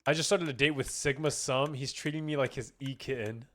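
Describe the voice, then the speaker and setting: A man's voice: medium pitch, fairly even intonation, brisk, fairly bright tone. A young man streaming a game, chatting casually and reading chat aloud, rambling and swearing, with keyboard typing behind him.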